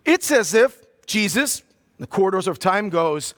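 A man preaching a sermon to a congregation as pastor, teaching and reading scripture slowly before picking up speed. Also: high voice, big pitch swings, fairly bright tone. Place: church hall, in front of a congregation. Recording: long reverb of a hall.

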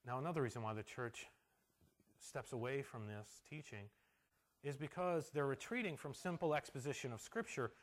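A pastor preaches a sermon in church in a medium-pitched voice. He tells stories with animated delivery, dropping to a soft hush for emotional moments.

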